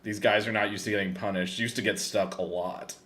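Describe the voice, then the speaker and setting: A man's voice: lowish voice, fairly even intonation, a little fast, a bit bright. A man co-hosting a motorsport podcast, talking in an opinionated, jokey way and laughing often. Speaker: podcast co-host. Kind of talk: casual sports chat.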